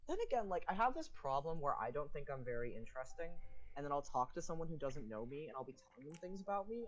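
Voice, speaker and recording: A man's voice: fairly high pitch, very animated, fast, faint music behind, low-quality recording. A trans man whose voice is dropping and cracking on testosterone, chatting casually and swearing on a live stream. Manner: rambling, swears a lot.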